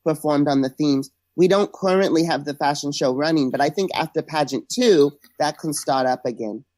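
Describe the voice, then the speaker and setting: A woman's voice: deep voice, moderate pace, darkish tone, dry recording. A woman being interviewed as a guest, chatting casually and gossiping with joking asides. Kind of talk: casual podcast chat.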